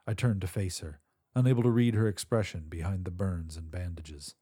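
Male audiobook narrator, dark and husky, lively pitch, tense dramatic telling. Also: fairly quick, no echo, clean studio sound.

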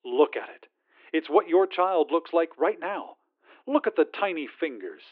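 Man voicing a syrupy corporate phone agent over a tinny phone line, lilting and bright-pitched. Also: expressive, moderate pace. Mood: sweetly insistent. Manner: syrupy customer-service politeness. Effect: phone filter.

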